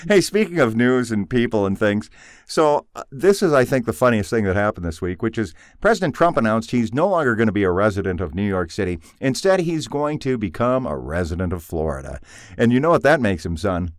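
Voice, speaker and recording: A man's voice: fairly low pitch, big pitch swings, fairly quick, dry recording, clean studio sound. A man co-hosting a comedy podcast, joking sarcastically in casual banter. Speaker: podcast co-host.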